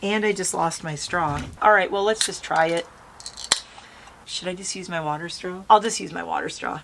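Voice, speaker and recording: A bubbly woman with a slightly low voice talks her viewers through a makeup routine while sitting outdoors. She rambles in a friendly, chatty way about what she is using as she goes. A faint hum of the open air sits behind her. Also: normal speed, gravelly, a bit bright. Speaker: beauty vlogger. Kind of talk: casual makeup tutorial chat. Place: outdoors, breezy natural light.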